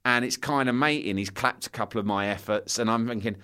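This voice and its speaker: A man's voice: medium pitch, brisk, sharp tone, smooth. A middle-aged man, guesting on a podcast, telling a school anecdote in casual storytelling style, swearing freely and acting out the voices of the people in it.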